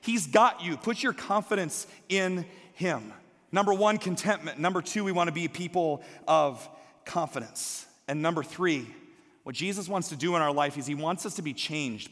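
A man in his thirties preaching a sermon, shifting between hushed near-whispers and emphatic, rising calls. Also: fairly high pitch, big-room sound. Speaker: pastor.

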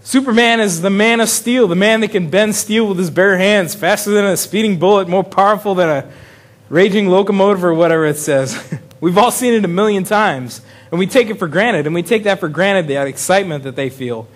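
Pastor guy with a high voice, chatty sermon, keeps chuckling and restarting. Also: brisk. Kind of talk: casual sermon.

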